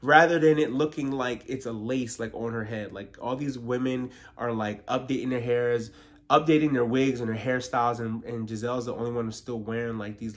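A man giving a casual, opinionated recap of a reality TV episode, peppering his talk with "like". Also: mid-range voice. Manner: opinionated, filler-heavy with frequent "like". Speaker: TV recap vlogger.

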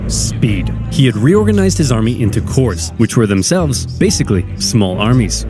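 A man giving scripted, comedic history narration with a brisk, punchy, dramatic delivery. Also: mid-range voice, sing-song, music in the background.

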